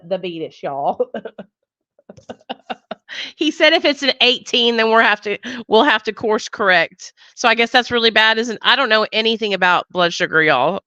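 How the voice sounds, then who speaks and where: A blunt woman with a foul mouth hosts a casual live podcast chat, laughing often. She speaks at an ordinary middle pitch with a sharp tone, and the audio is a little dull and lo-fi, like a video call.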